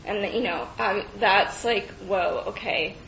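Woman, slow halting testimony, filler-heavy, roomy muffled recording with faint rumble. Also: gravelly, fairly bright tone. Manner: halting, reflective, many fillers and restarts. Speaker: speaker sharing personal story. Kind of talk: personal testimony.

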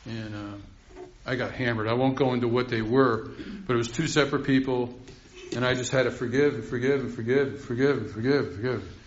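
A man's voice: medium pitch, fairly even intonation, a little fast, slight background noise. An older man rambling through a heartfelt recovery share, laughing often. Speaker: speaker sharing at a recovery meeting. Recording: roomy, dull recording.

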